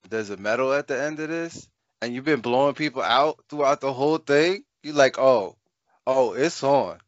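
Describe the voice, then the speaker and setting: A man's voice: mid-range voice, no room sound. A man co-hosting a podcast, chatting casually and chiming in agreeably. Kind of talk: casual chat. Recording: dull lo-fi podcast recording.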